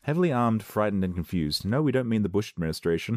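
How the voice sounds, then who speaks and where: A man's voice: lowish voice, sing-song, quick pace, few pauses, a little mellow, no echo, studio quality. A man reading strange news articles aloud and reacting with sarcastic, rambling asides. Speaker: video host.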